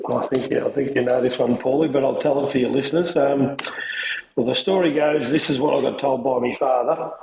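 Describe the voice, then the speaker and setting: A man's voice: medium pitch, steady tone, brisk, vocal fry, dark tone. A middle-aged man with an Australian accent, a podcast guest telling stories in casual chat, laughing often. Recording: echoey room with noise.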